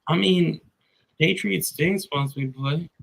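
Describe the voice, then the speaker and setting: A man's voice: on the high side, measured pace, gravelly, dry recording, poor audio. A man in casual, crude banter with friends while gaming, teasing and swearing.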